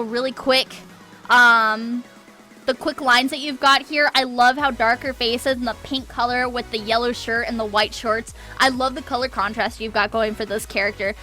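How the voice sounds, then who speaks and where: A woman's voice: a little high, bright, forceful tone. A woman streaming a live art critique, encouraging, often checking in with "okay?" and repeating words for emphasis.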